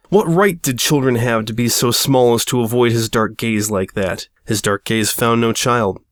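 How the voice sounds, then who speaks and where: A man's voice: mid-range voice, no room sound, clean studio sound. A man narrating a story aloud with a wry, mock-dramatic delivery. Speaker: audiobook reader.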